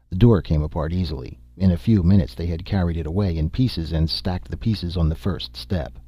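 A man reading a science-fiction story aloud in a steady, even narration. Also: low voice, fairly quick, hardly any pauses, husky, dry recording. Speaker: audiobook narrator. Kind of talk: scripted narration.

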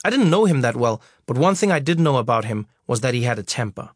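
A man's voice: medium pitch, big pitch swings, fast talker, husky, dry recording. A man reading his memoir aloud, wry and storytelling, on a close studio mic. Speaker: narrator.

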